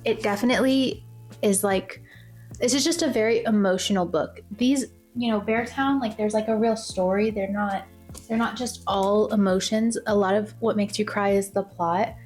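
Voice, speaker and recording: A woman's voice: mid-range voice, fairly even intonation, moderate pace, a little mellow, faint music behind. A young woman talking casually as a book vlogger, gushing and repeating herself with lots of fillers. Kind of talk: casual chat.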